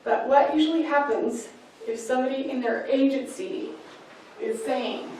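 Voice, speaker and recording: A woman giving a parenting workshop talk, lively and acting out little scenes as she teaches. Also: high voice, normal speed, slight background noise. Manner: lively, acts out scenes in voices. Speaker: parenting class speaker. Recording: echoey room, mic far off.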